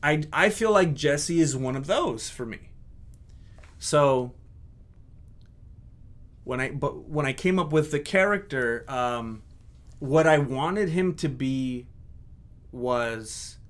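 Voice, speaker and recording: A video creator, a man, looking back on his old videos in casual reflective commentary, candid and self-critical, pausing often. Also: mid-range voice, expressive.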